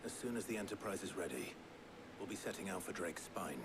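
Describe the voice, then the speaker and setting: A grim, resolute warrior. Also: male voice, low voice, expressive, brisk, background noise. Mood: determined. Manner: terse and resolute.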